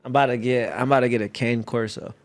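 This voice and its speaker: A man's voice: mid-range voice, steady tone, fast. A young man from the United States, a guest athlete in a casual chat, telling stories in a laid-back, slang-heavy way with easy laughs.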